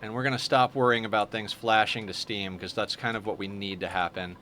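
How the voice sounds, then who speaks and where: A man's voice: lowish voice, fairly quick. A man streaming a game live, chatting casually and explaining each step of his plan as he goes. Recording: steady background noise.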